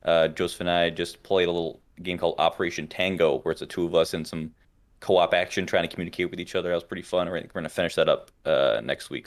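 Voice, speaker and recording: A young man co-hosting a podcast, telling animated stories in casual chat and swearing often. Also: low voice, creaky. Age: young adult. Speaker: podcast co-host.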